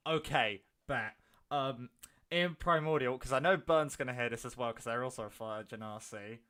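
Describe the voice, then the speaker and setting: A young man playing a tabletop role-playing game, speaking in character with a gruff, begrudging, protective tone. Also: mid-range voice, normal speed, bright, forceful tone. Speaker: player.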